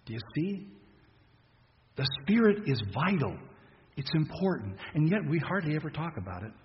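A man preaching a sermon in a conversational, halting way, restarting phrases and laughing softly. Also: a little high, very animated, long reverb tail, muffled recording, slight background noise.

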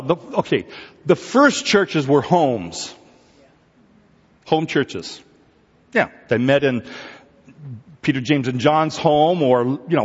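A man's voice: mid-range voice, slightly rough. Man preaching with an easy, teasing manner. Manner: lively and conversational, teasing the congregation. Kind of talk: sermon. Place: church. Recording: echoey hall, dull sound.

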